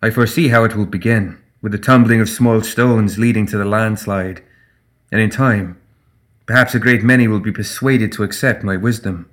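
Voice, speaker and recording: A man's voice: on the low side, steady tone, normal speed, lightly acted. A man reading a stern ancient fae queen. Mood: regal.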